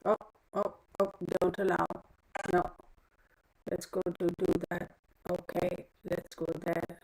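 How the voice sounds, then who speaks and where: A woman's voice: lowish voice, level tone, slow pace, vocal fry, darkish tone, poor audio. A woman hosting a casual live stream from home on a phone, chatty and muttering to herself as she sets things up. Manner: chatty, mutters to herself while fiddling with setup. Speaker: livestream host.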